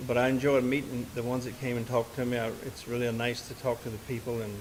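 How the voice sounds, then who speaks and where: A man's voice: medium pitch, level tone, fast, a little hiss or hum, low-quality recording. Folksy man telling a story onstage. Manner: folksy, rambling, with many "and, uh" restarts. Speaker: musician and bandleader. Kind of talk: onstage storytelling to a live audience. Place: live music stage, indoors.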